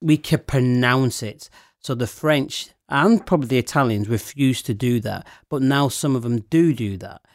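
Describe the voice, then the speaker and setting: A middle-aged man talks about his wine business in a lively, story-telling way, breaking into laughter often. His voice sits in a middle pitch and is recorded dry and close. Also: moderate pace, no echo. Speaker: wine shop owner. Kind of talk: casual chat.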